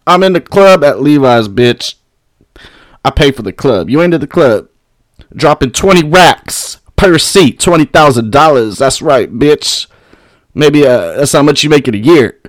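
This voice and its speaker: A man hosting his own podcast, ranting at his critics with constant swearing and mocking laughter, high on weed. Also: lively intonation, measured pace, dry recording. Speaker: podcast host. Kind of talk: profane solo podcast rant.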